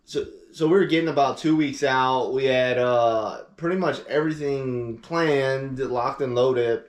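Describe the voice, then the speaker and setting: Man, casual storytelling, rambling, lots of fillers, mid pitch, echoey room. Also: measured pace. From Louisiana, USA. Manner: rambling, filler-heavy, acts out quoted phone calls. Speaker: podcast co-host.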